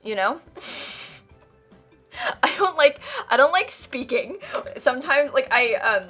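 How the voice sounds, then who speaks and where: Her high-pitched voice is sing-song, slow, pushed and bright with a breathy edge. She's a young American woman from the United States, a game streamer rambling casually on a live stream, full of "like" and frequent laughter, over faint background music.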